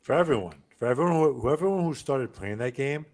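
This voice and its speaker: A man talking casually and excitedly with friends on a podcast, swearing and repeating his words as he talks. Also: mid-range voice, fast. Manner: enthusiastic, profane, repeats himself. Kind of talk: casual chat among friends.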